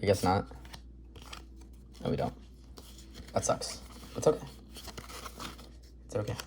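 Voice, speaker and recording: Mellow-voiced man chatting through pack openings. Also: slow, a little hiss or hum. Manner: upbeat, chatty, rattles off card names. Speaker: card collector video host. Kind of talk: casual pack-opening commentary.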